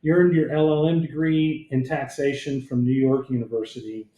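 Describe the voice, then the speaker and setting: A man's voice: medium pitch, steady tone, normal speed, dark tone, dull audio. A man hosting a podcast, chatting in a friendly, conversational way and reading out his guest's background. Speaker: podcast host. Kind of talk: casual podcast interview. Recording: roomy echo.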